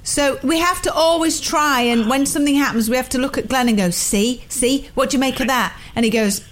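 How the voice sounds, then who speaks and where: A woman's voice: high voice, a little fast, a little hiss or hum. A woman co-hosting a chatty podcast, giggly and effusive, calling a guest on the phone. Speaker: podcast co-host. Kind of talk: casual chat.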